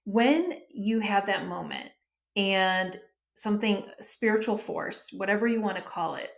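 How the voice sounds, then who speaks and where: Woman podcast host, curious, laughs easily, a little fry in the voice. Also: mid-range voice, a little slow. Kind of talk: interview questions.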